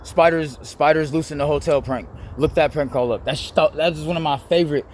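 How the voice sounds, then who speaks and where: A young man, rambling casually to camera, full of "like" and quick to laugh. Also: a little high, slight background noise. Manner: rambling, heavy use of "like", laughs easily. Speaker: vlogger.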